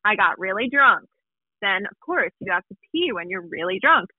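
A woman's voice: medium pitch, expressive, normal speed, slightly rough, dry recording, phone-quality sound. A young woman in casual chat, telling an embarrassing story about herself with self-mocking humor.

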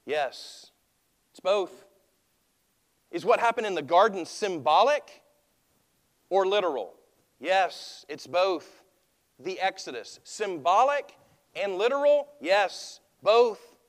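A man preaching a sermon in a relaxed, conversational way, often asking his listeners rhetorical questions. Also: high voice, takes it slowly, pauses often, big-room sound. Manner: opens with a hushed prayer. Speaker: pastor.

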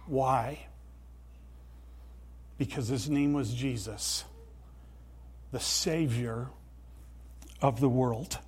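A man preaching a sermon in a church, earnest and emphatic, with deliberate pauses. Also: mid-range voice, a little mellow, breathy edge. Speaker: pastor.

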